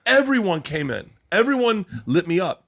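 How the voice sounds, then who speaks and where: A man's voice: high voice, moderate pace. A man co-hosting a podcast, telling a wild story in a loose, profane, rambling way, full of restarts. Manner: animated, profane, rambling anecdote with many restarts. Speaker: podcast co-host. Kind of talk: casual comedic storytelling.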